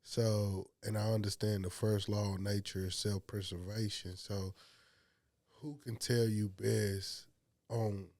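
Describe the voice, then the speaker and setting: A man in a conversation, speaking in a measured way and repeating words as he builds his point. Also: fairly low pitch, level tone, a little mellow, dry recording, clean studio sound. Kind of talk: conversational discussion.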